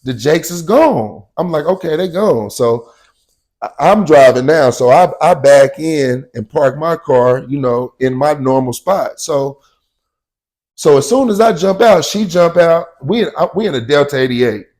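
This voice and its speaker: A man tells a personal story casually in slang, with a fairly high, expressive voice at a measured pace. He often says "you know what I'm saying" and loudly acts out shouted quotes.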